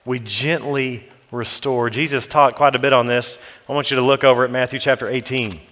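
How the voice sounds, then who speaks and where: A pastor preaching a sermon, emphatic, lifting his voice to urge the listeners and dropping it low to read scripture. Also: fairly even intonation, brisk, fairly bright tone. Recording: long reverb of a large hall.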